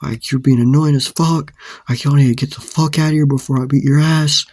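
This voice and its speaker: A man voicing a hostile young man who picks a fight, shouting, aggressive and mocking. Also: medium pitch, normal speed, slightly rough, no echo, voice pushed up, lightly acted. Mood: angry.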